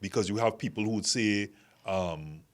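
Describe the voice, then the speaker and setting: A man's voice: lowish voice, normal speed. A man with a Trinidadian accent hosting a casual group discussion, talking in long, reflective, winding sentences. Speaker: podcast host.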